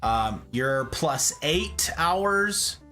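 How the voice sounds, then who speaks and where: Lively, bright-voiced male streamer. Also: fairly high pitch, very slow, faint music behind. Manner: reads chat aloud and answers viewers. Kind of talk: casual live-stream chat.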